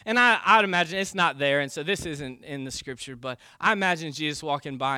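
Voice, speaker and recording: An animated male pastor preaching with emphatic, quick turns of phrase and frequent restarts. His voice is bright and slightly high. The recording is close and dry. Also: smooth, no room sound. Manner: animated, emphatic, self-correcting. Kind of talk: sermon.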